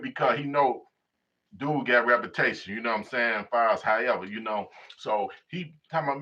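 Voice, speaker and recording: A man's voice: mid-range voice, lively intonation, brisk, pushed and bright, breathy edge, lo-fi sound. A man hosting casual commentary, mocking and profane, talking with emphasis. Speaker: host and commentator.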